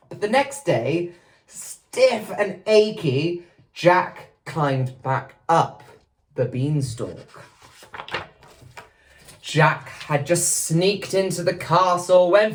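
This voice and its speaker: A woman reading a children's picture book aloud, expressive and playful. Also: lowish voice, distant mic. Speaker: storyteller.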